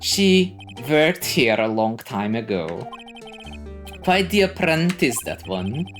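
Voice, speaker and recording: A woman voicing a pompous, evasive old male lawyer with a grand, drawn-out delivery. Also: extremely low pitch, very animated, soft background music, full character voice. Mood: boastful.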